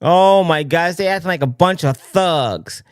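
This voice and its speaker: A man hosting a casual live political commentary stream, talking in an excitable, rambling way with lots of restarts. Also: a little high, a little slow, clean tone, no echo, studio quality. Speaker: livestream political commentary host.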